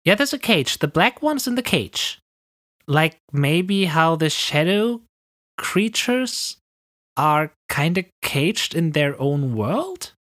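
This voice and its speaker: A man's voice: on the high side, sing-song, slow pace, fairly bright tone, no echo, clean studio sound. A man playing a tabletop game, asking questions in a wry, curious way. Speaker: player.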